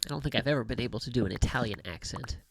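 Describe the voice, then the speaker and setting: A man's voice: medium pitch, very fast, vocal fry, background noise. A man from the United States hosting a gaming livestream, rambling, chuckling often and muttering to himself as he plays. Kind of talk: casual gameplay commentary.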